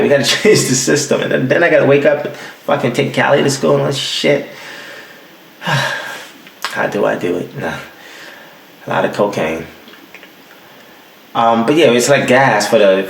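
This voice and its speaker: A man's voice: medium pitch, vocal fry, roomy sound. A young adult man hosting his podcast, ranting casually and profanely from home. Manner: profane, animated storytelling with acted-out quotes. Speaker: podcast host. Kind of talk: casual solo rant. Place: home room with the heat off.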